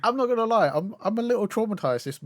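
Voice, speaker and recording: A man's voice: sits high, lively intonation, fast talker, no echo, clean studio sound. A young man co-hosting a podcast, reminiscing animatedly in casual chat, swearing freely and laughing as he talks. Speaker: podcast co-host.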